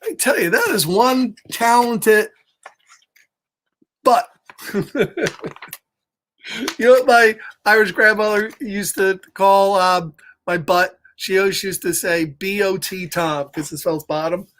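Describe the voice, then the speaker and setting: A man's voice: sits high, slow, pauses often, fairly bright tone. A man reading a picture book aloud to children, playful and chatty, chuckling often and greeting listeners by name. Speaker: children's storytime reader.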